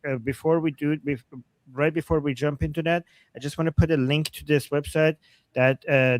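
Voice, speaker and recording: A man hosting a live online show in a loose, rambling way, stopping and restarting his sentences. His voice sits a touch high for a man. The sound is close and dry, with no room around it. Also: no echo. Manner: rambling, many restarts and fillers. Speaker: host. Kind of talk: casual livestream hosting.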